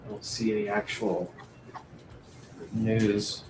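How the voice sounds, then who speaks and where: A man's voice: lowish voice, level tone, takes it slowly, darkish tone, a little hiss or hum, rough recording. A man co-hosting a live trading stream, asking questions and reading out news headlines. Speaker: trading co-host.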